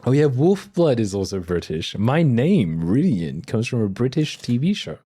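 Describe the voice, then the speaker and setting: A young man livestreaming, chatting casually and excitably with viewers and reading chat aloud. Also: mid-range voice, moderate pace, breathy edge. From Australia.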